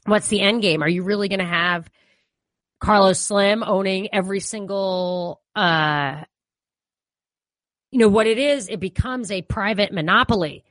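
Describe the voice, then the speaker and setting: A woman from New York with a New York accent, co-hosting a casual political talk show and talking in an animated, opinionated way full of "you know" fillers. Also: mid-range voice, unhurried, no echo.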